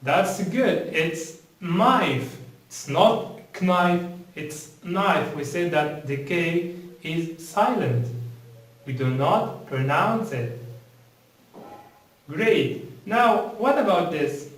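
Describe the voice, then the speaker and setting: A man teaching English, explaining slowly and deliberately, repeating words and quizzing the viewer. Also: on the high side, lively intonation, recorded from a distance. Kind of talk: slow, deliberate classroom explanation. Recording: very echoey room, off-mic.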